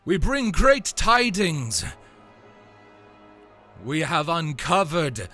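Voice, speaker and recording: A man voicing a pompous cloaked male cult leader who speaks slowly and grandly, as in a tabletop game. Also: fairly high pitch, big pitch swings, bright, forceful tone, faint music behind, voice pushed up, heavily acted. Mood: grandiose. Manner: slow, grand, ceremonial delivery.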